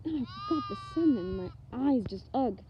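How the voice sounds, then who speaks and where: Giggly high-voiced New woman outdoors. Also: expressive, normal speed, dull audio, noisy background. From New Zealand. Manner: chatty, giggly, talks to the lambs. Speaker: vlogger. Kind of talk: casual farm vlog. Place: outdoors in a paddock among sheep. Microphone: handheld camera. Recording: outdoor camera audio with bleating sheep. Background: bleating sheep and lambs.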